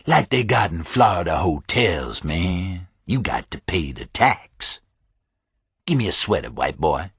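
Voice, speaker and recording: A man voicing a huge, menacing male prison gang bully in an audiobook, talking in a low, quiet, taunting drawl. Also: big pitch swings, measured pace, creaky, breathy edge, dry recording, clean studio sound, heavily acted. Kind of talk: audiobook character voice.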